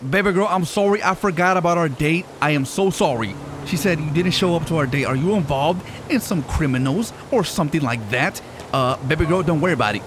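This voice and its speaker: A man's voice: fairly high pitch, a little fast, noisy background. A man streaming a video game, joking and hyping in slangy casual commentary. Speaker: gaming streamer. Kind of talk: casual let's play commentary.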